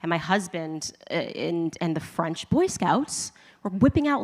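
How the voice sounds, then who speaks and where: Woman telling a lively story. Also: fairly low pitch, a little slow, in a large hall. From United States. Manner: animated, laughing often, acting out her own reactions. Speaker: commentator. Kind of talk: personal testimony storytelling.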